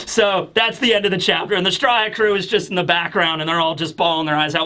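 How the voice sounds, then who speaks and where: A man's voice: high-pitched, steady tone, fast, hardly any pauses, bright, forceful tone. A man hosting a casual manga review, talking in a rambling, enthusiastic way. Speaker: host.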